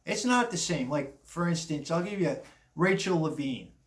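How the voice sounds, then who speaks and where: Older male commentator, rambling and blunt, slightly raised pitch, recorded in an echoey room. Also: expressive, normal speed. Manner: rambling, blunt, chuckling asides. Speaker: commentary vlogger. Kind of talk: casual opinion monologue.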